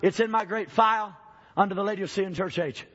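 Man doing a calm patient God, amused, fairly high voice, dull lo-fi sound, sermon illustration. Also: a little fast, husky. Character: patient, amused male God, weary of the devil.

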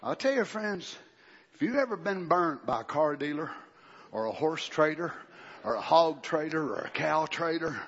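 A man preaching a fiery sermon, dropping to low murmurs and rising to shouted climaxes with calls of amen, recorded in an echoey church hall on dull lo-fi audio. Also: expressive, moderate pace, slightly rough.

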